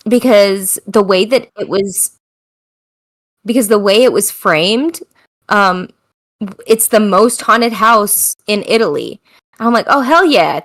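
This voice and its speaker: A woman's voice: medium pitch, a bit bright. An American woman hosting a podcast in casual chat, tired, chatty and self-mocking, laughing often. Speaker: podcast host.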